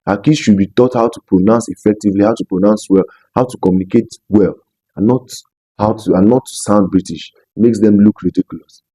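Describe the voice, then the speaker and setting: Emphatic Nigerian man with a dark voice. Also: fairly low pitch, fairly quick, no room sound, rough recording. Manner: emphatic, preachy, repeats phrases for stress. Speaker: commentary vlogger. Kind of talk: opinion commentary vlog.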